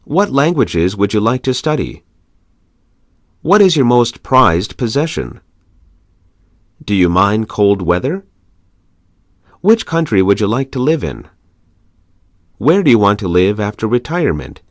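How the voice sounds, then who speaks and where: A man with a lower voice reads practice conversation questions for a language course, and his pitch climbs and drops sharply with each one. He speaks in a measured, clear way. The recording is close-miked and dry, with no room sound.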